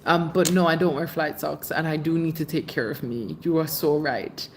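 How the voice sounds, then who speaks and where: A woman's voice: sits low, moderate pace, darkish tone, slight background noise. A woman hosting a casual livestream, chatting affectionately with her viewers as she reads their comments. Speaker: livestream host. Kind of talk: casual live chat reading comments.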